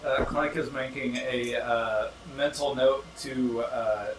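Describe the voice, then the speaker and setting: A man's voice: mid-range voice, steady tone, takes it slowly, background noise. A man playing in a tabletop game, joking easily with the table. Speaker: player. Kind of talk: casual tabletop chat. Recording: roomy, distant mic, clear chatter behind.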